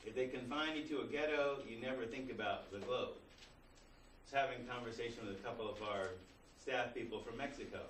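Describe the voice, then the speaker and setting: A male college instructor talks through his lecture in a loose, conversational way, tossing rhetorical questions at the class. His voice sits at an ordinary middle pitch. The recording picks him up from across an echoey classroom, with faint room noise behind him. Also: fairly quick, a bit bright. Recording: roomy classroom recording from a distance.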